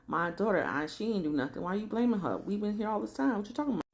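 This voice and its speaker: A woman's voice: mid-range voice, lively intonation, quick pace, voice pushed up, lightly acted. A woman voicing an indignant middle-aged mother defending her daughter. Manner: indignant protesting.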